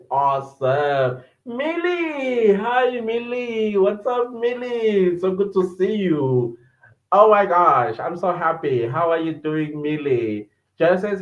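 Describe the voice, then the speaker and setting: Male host, slightly high voice, slow and chatty, laughs often, echoey room. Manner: chatty, laughs often, greets viewers by name. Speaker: podcast host reading live chat. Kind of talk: casual livestream chat. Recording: echoey room, dull lo-fi sound.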